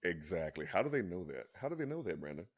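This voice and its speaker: A man's voice: low-pitched, fast, husky. A man co-hosting a casual chat, talking insistently and restarting his words a lot. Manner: insistent, animated when arguing; many restarts and repeated words. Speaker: co-host.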